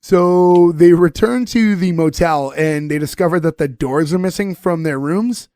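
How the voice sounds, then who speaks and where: A man's voice: on the high side, a little slow, warm tone, no room sound. A man co-hosting a casual podcast, retelling scenes in a rambling way full of "like"s. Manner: rambling, filler-heavy retelling with many "like"s. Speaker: podcast co-host. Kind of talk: casual chat recapping a TV episode.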